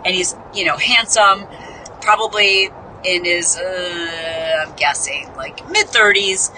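A Midwestern woman who hosts a podcast tells a story slowly in a lowish voice, with noise in the background. She's casual, chatty, and self-mocking, and she acts out the people she quotes.

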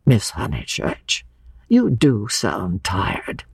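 A woman voicing a gentle, weary old man who speaks slowly and in a low hush. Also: wildly swooping pitch, vocal fry, husky, no room sound, studio quality, heavily acted. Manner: slow, soft, low and hushed.

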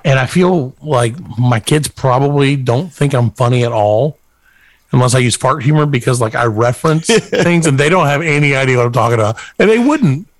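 A man's voice: mid-range voice, expressive, brisk, dry recording. A man from the American South co-hosting a casual chat, joking and putting on voices for the people he quotes. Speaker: podcast co-host.

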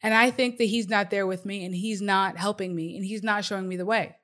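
A woman in her thirties hosting a podcast, talking about faith in an animated, conversational way with lots of "like" and "right". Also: medium pitch, a little fast. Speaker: podcast host. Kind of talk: casual faith talk.

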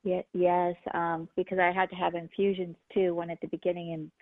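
A woman's voice: on the low side, little pitch movement, no room sound. Earnest woman on a tinny phone line. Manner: earnest, halting, with many restarts. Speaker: guest, healer and medium. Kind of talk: personal storytelling. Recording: phone-line sound, dry.

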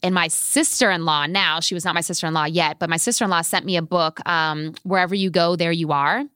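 A woman in her thirties speaks as a podcast guest, a fitness instructor who tells her stories with animated, vivid energy. Her voice sits a little low for a woman. The sound is dry and close, with no room around it. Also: fairly quick, smooth, dry recording. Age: 30s. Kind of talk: podcast interview.

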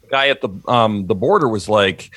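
A man's voice: on the low side, normal speed, no echo. A man chatting casually on a podcast, telling stories and acting out the people in them. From Canada. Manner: animated storyteller, acts out quotes. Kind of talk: casual chat.

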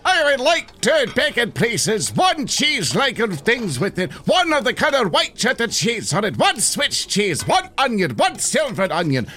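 Guy doing a high bright fussy customer, listing toppings forever. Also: huge pitch swings, unhurried, hardly any pauses, full character voice. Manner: rattles off an endless order, then blusters threats. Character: fussy stout male customer with a lamp on his head.

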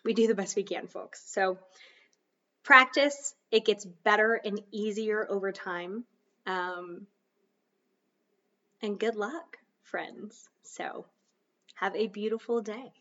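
A woman's voice: mid-range voice, slow, pauses often, bright, forceful tone, recorded from a distance. Woman host, casual self-help chat, sidetracked and self-mocking, slightly off-mic, dull recording. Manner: chatty, loses her train of thought and laughs it off. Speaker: podcast host.

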